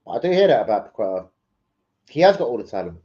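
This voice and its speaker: A man's voice: mid-range voice, sing-song, fast, warm tone, dull audio. A man hosting a casual football livestream, rambling and swearing as he chats with viewers. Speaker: football fan channel host. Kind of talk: casual livestream chat reading transfer gossip.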